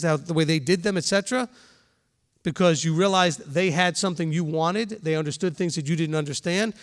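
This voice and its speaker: High-voiced man preaching a conversational sermon. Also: fairly bright tone. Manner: conversational, repeats and restarts phrases, acts out quoted voices. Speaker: rabbi teaching a congregation. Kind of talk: sermon-style Bible teaching.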